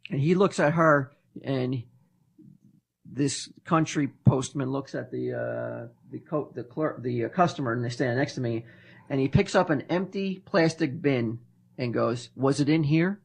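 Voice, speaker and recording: A man casually telling a story on a podcast, animated and profane, acting out the voices in his quotes. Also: medium pitch, a little slow, vocal fry, breathy edge.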